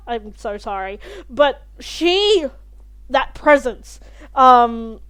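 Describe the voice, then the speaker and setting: A young woman hosting a reaction video, talking through an episode in a chatty, animated way and swearing freely. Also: a little high, very slow, smooth. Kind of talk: casual spoken review of a TV episode.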